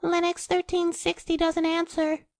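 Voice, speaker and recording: Nasal drawling switchboard woman, very high and slow, put on by a male reader. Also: monotone, vocal fry, no room sound, clean studio sound, full character voice. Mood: flat.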